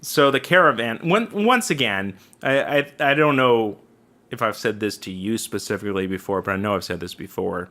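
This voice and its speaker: A man co-hosting a talk podcast with a bright, forward tone. He chats casually, cracks jokes and laughs often. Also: fairly low pitch, normal speed. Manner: joking, animated, laughs often. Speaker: podcast co-host. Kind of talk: casual political chat.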